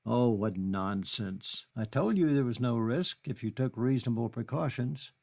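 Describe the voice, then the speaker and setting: A man reading an audiobook, voicing a charming English gentleman with a deep, coaxing manner. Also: expressive, normal speed, vocal fry. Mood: dismissive. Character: smooth-talking English gentleman, charming seducer.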